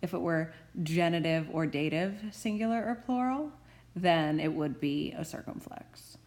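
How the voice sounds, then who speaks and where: A woman's voice: deep voice, unhurried, darkish tone. A woman professor giving a recorded grammar tutorial, explaining rules carefully with playful asides. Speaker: Greek professor.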